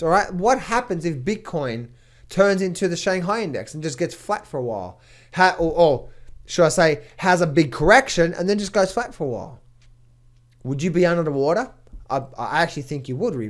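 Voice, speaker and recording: A man, a trading coach, giving market commentary to camera in an emphatic way, often repeating words when excited. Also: a little high.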